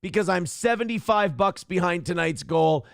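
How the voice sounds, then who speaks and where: Gravelly high-voiced profane host. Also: male voice, moderate pace, no room sound, studio quality. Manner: profane, exasperated, rambling rants. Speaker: live-stream talk show host. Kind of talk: casual live-stream talk.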